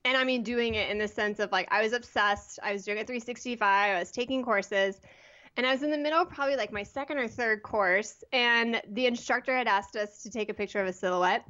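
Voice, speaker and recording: A woman in her thirties, a podcast guest telling a personal story in a chatty, animated way with lots of "like". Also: fairly high pitch, brisk, dull audio. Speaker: guest, photography blogger. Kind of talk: casual interview storytelling.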